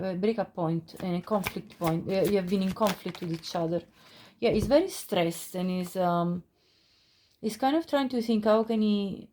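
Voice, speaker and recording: A woman's voice: medium pitch, dark tone. Woman, tarot reader, casual reading, chatty, laughing, fillers and restarts.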